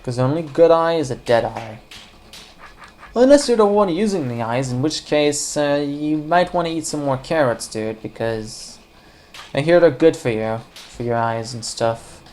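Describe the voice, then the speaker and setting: A woman's voice: low voice, expressive, normal speed, darkish tone, slight background noise. A woman casually commenting on a puzzle game as she plays, rambling and joking, talking to the viewers and the game characters. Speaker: let's play commentator.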